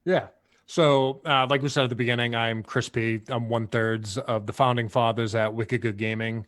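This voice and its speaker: A man's voice: mid-range voice, steady tone, moderate pace, fairly bright tone, no echo, clean studio sound. A man appearing as a guest on a podcast, talking about his own gaming show in a laid-back, casual way. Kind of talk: casual chat.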